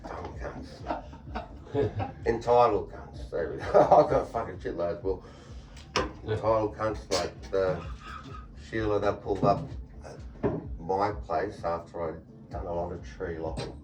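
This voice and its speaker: A man with an Australian accent tells blunt, sweary stories and laughs often. His voice sits on the low side. It sounds echoey and a little far from the mic, as if recorded across a room. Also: unhurried, pauses often, background noise. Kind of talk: casual storytelling chat. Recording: echoey room, voice picked up from a distance.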